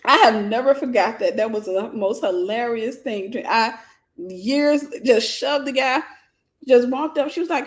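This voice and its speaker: A woman host telling a personal story, animated and repeating phrases for emphasis. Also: high-pitched, normal speed.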